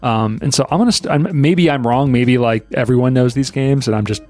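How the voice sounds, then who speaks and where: A mid-pitched man hosts a podcast, thinking aloud in loose, restarting sentences and laughing often. Faint music plays softly behind him. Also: brisk. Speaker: podcast host. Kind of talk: casual chat.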